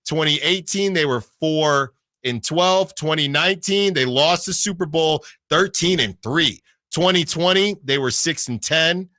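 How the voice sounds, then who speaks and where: Bright-voiced man on sports radio. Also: a little high, measured pace, no echo, studio quality. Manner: reads out records, self-checking. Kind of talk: casual sports talk.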